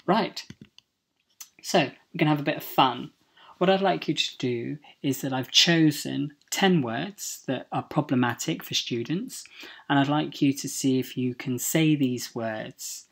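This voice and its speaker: A British woman teaching English pronunciation in a recorded slide lesson. Her voice sits low for a woman, and she speaks slowly and deliberately. She models each word carefully and repeats it so that learners can say it after her. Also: creaky, slightly rough.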